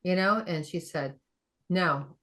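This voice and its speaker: Speaking slowly at a fairly low pitch, this middle-aged functional medicine practitioner spins a conversational story. She performs the quoted lines with animation and laughs frequently.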